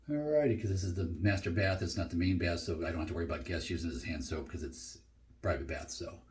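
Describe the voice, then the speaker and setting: A middle-aged man chatting casually through a shave review in his home bathroom, relaxed and full of fillers. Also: low-pitched. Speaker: shaving vlogger.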